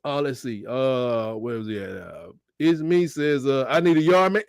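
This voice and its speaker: Animated man hosting a livestream. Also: moderate pace, creaky, hardly any pauses, clean tone, no room sound, studio quality. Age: middle-aged. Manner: animated, joking, reads out chat comments and bursts into high squeals. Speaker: sports livestream host. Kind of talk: casual livestream commentary.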